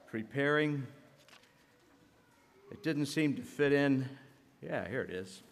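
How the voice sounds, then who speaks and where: A man preaching a sermon as a pastor, telling a story in an earnest way and sometimes dropping to a hushed voice. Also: fairly low pitch, gravelly. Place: church sanctuary. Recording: echoey church hall.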